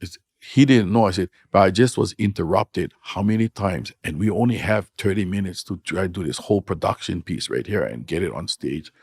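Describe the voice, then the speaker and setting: A man's voice: low voice, animated, fairly quick, hardly any pauses, darkish tone, slightly rough, no room sound, studio quality. A middle-aged man with a Hawaiian accent, a hula teacher telling stories in casual, frank, blunt talk. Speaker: podcast guest, hula teacher. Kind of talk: casual storytelling.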